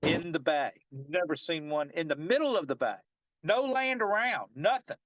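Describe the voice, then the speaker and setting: Man, fishing guide, rambling storyteller; slightly high voice, dry close sound. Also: animated, moderate pace, fairly bright tone, no room sound, muffled recording. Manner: rambling, many restarts and fillers. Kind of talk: casual storytelling interview.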